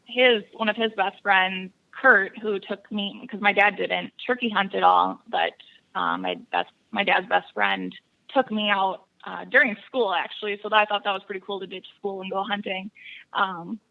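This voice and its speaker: A woman from Wisconsin tells stories as a podcast guest, laughing easily between anecdotes. Her voice has a gravelly, fry-tinged edge at a medium pitch. The recording sounds muffled and lo-fi. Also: moderate pace. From Buffalo County, Wisconsin. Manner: laughs often, lively storyteller. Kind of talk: casual interview storytelling.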